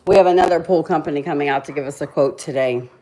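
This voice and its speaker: A woman's voice: low-pitched, fast, dark tone. A middle-aged woman, chatting casually with viewers on a livestream and laughing often at herself. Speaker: livestream host.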